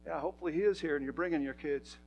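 A man's voice: a little high, rapid-fire, darkish tone, slight background noise, rough recording. A man preaching a sermon in a church, talking to his congregation in an emphatic, conversational way. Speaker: pastor.

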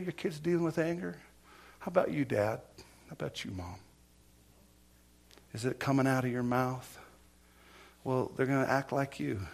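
Middle-aged guy preaching, normal pitch, goes quiet and whispery then gets loud and fired up, repeats himself a lot. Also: creaky. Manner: swings from hushed near-whispers to loud impassioned preaching; storytelling with repetitions and restarts. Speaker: pastor. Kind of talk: sermon.

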